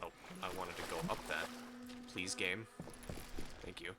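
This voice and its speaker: A man's voice: low-pitched, fairly even intonation, measured pace, heavy background noise. A young man casually commenting on a game to his chat, joking and swearing. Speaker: streamer. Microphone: headset.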